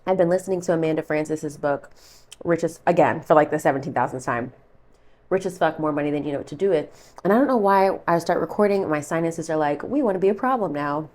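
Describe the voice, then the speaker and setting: A woman's voice: sits low, quick pace, darkish tone. A woman giving a chatty, rambling tarot reading vlog, full of fillers and side remarks. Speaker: tarot reader.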